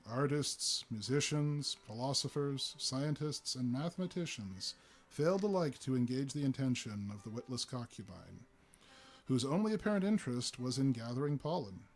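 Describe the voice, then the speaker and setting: A portly, jovial older doctor who delivers his jokes deadpan and laughs heartily, as a male reader plays him. The voice stays close to the reader's own, a touch louder and lifted. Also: mid-range voice, normal speed, faint music behind. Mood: droll. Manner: droll, then hearty.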